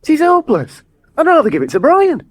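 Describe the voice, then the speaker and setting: Brusque bossy nativity director. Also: male voice, very high-pitched, huge pitch swings, a little fast, exaggerated voice. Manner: brusque, dismissive. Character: bossy middle-aged man directing a village nativity. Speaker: show director. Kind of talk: comedy radio sitcom acting.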